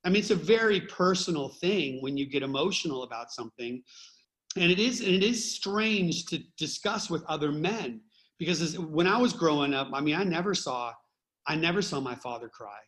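Higher-voiced man, reflective and open. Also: lively intonation, normal speed, fairly bright tone. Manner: reflective, openly emotional storyteller. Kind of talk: casual conversation.

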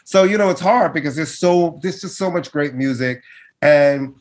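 Male co-host, somewhat high-pitched, animated and cursing in loose conversation. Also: moderate pace. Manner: animated, swears freely when ranting. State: frustrated. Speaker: podcast co-host. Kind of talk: casual chat.

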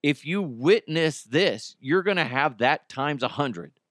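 A man's voice: fairly high pitch, lively intonation, takes it slowly, fairly bright tone, dry recording, studio quality. A man hosting a casual solo podcast, rambling and cursing freely, with many restarts and broken-off sentences. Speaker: podcast host.

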